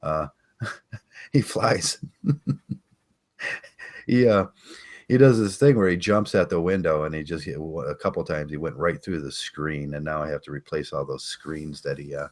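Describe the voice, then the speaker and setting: An older man hosting a casual podcast, rambling and chatting with listeners, halting with many fillers and restarts. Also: rumbling low, fairly even intonation, darkish tone. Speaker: podcast host. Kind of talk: casual live-stream chat.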